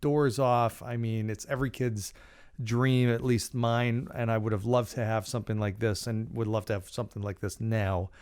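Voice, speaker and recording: A man's voice: lowish voice, level tone, moderate pace, darkish tone, clear, resonant tone. A middle-aged man hosting a podcast, telling a personal story in a casual, rambling way with lots of fillers and restarts. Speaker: podcast host.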